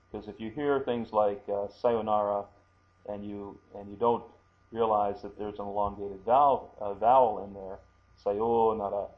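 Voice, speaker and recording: A man teaching a language lesson, talking slowly and haltingly with many fillers and repeating words for pronunciation. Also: lowish voice, lo-fi sound. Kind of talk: screen-recorded language lesson.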